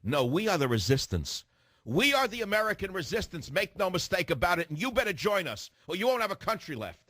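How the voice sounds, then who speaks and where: A man's voice: high voice, big pitch swings, brisk, sharp tone, no room sound, clean studio sound. A man hosting a political radio commentary, ranting fiercely, firing rhetorical questions and repeating phrases for emphasis. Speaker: radio talk show host.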